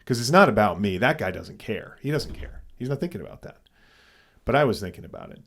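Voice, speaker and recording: A man's voice: medium pitch, lively intonation, brisk, a bit bright. A man co-hosting a podcast, telling a story casually and animatedly, with frequent swearing and restarts. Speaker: podcast co-host.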